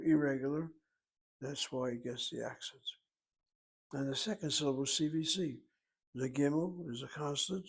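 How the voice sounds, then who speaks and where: A man teaching a language lesson, speaking slowly and deliberately and spelling words out letter by letter. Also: mid-range voice, vocal fry, breathy edge, poor audio. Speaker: Hebrew teacher. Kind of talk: lecture.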